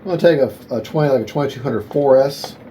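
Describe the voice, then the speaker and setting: A man's voice: medium pitch, fast, mellow, a little hiss or hum, rough recording. A man hosting a hobby video, casually thinking aloud and correcting himself as he unboxes, often calling things cool.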